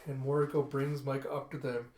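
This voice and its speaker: A man casually narrating a comic book readthrough, chatty and relaxed. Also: medium pitch, fairly quick, slight background noise. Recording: echoey room.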